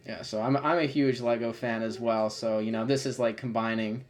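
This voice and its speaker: A man in his thirties co-hosting a casual video commentary, chatty and quick to laugh. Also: medium pitch, fairly even intonation. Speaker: co-host and video creator.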